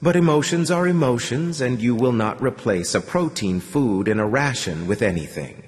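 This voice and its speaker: A man voicing a derisive old male cult priest who speaks slowly and mockingly in an audiobook. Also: mid-range voice, animated, big-room sound, lightly acted. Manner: mocking, slow and scornful.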